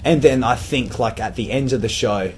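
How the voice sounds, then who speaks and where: In a relaxed podcast chat, an Australian guest animatedly recounts wrestling tales, cursing freely and repeating fillers throughout. He speaks in a mid-range voice at a moderate pace, with slight background noise.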